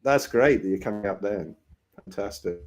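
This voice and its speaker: A man's voice: on the low side, moderate pace. A man hosting a casual online Q&A over a video call, full of teasing, jokey banter with his guest. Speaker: host.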